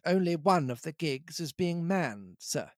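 A man's voice: a little high, animated, unhurried, dry recording, clean studio sound. Man reading an earnest young ship's boy.

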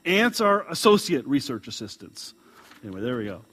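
A man preaching a sermon as a pastor, reading a story aloud, chuckling and swinging between loud and hushed lines. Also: medium pitch, big pitch swings, brisk, husky.

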